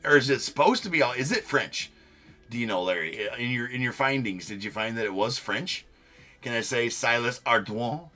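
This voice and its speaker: A man's voice: moderate pace, soft background music. A young man hosting a live card break stream, chatting loosely with viewers, joking at himself and swearing now and then. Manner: loose, self-deprecating, swears, jumps up in pitch when excited.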